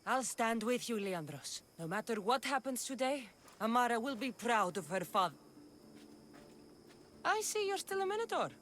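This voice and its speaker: An actress playing a wry, steady mercenary heroine, calm and matter-of-fact. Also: female voice, on the high side, normal speed, a little hiss or hum. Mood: dry. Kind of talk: game cutscene acting. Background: game score music.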